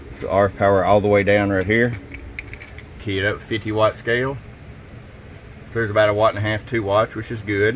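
A man with a slightly hoarse voice, casually walking through a demo at his radio workbench, dropping in fillers and a tag of "okay?". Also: fairly low pitch, a little hiss or hum. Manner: casual, folksy, drops in "okay?" and "uh". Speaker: CB radio shop technician. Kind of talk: casual product demo narration.

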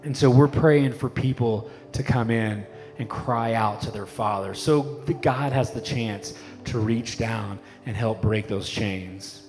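A man's voice: medium pitch, unhurried, hardly any pauses, darkish tone. Preaching man in a reverberant church. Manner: conversational preaching, fillers like "like" and "you know". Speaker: pastor. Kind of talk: sermon. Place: church sanctuary. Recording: long hall reverb with faint music. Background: faint worship band music.

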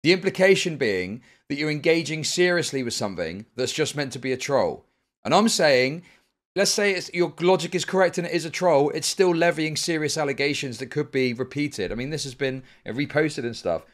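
Male streamer, argumentative and profane, lively swinging pitch. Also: normal speed. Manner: argumentative, heated, swears often. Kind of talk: live stream commentary.

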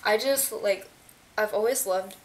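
A young woman vlogging as an excited fan, gushing and chatty with lots of fillers. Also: mid-range voice, unhurried. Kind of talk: casual chat. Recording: faint hiss.

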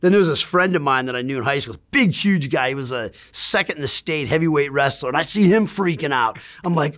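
Middle-aged guy rambling and swearing through a story, talks fast, voice sits a bit high. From Great Lakes region of the US. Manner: rambling, profane, animated storytelling. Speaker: interviewee. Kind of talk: casual storytelling in an interview.

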